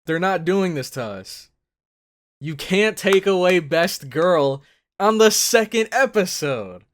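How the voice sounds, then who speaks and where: Excitable man reacting, lively swooping pitch. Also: slow. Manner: excitable, bursts into loud exclamations; thinks aloud with many fillers. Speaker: anime reaction host. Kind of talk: casual reaction commentary.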